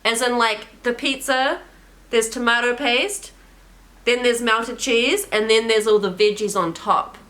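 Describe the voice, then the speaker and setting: A young woman from New Zealand, with her country's accent, chats to camera in a loose, animated way, full of "like" and "eh". Her voice is bright and sits a little high. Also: unhurried. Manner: chatty, animated, many "like"s and "eh"s. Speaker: travel vlogger. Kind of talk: casual vlog chat.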